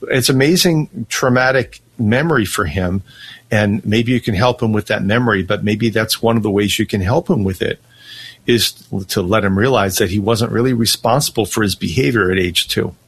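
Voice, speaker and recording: A man hosting a radio show, giving calm, explanatory advice to a caller. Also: fairly low pitch, normal speed, husky. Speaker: host.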